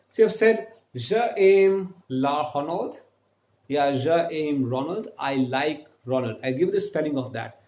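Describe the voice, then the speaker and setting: A man teaching a beginner French lesson. He spells words out letter by letter and repeats phrases slowly. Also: high voice, darkish tone, roomy sound. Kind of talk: online language lesson.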